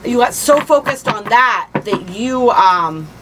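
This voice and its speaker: A woman with a slightly raised voice talks through a spiritual reading in a loose, friendly ramble. She laughs easily and slows down to land the main points. A faint background hiss sits under the recording. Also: fairly high pitch, lively intonation. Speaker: spiritual reader and channel host. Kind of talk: casual spiritual reading monologue.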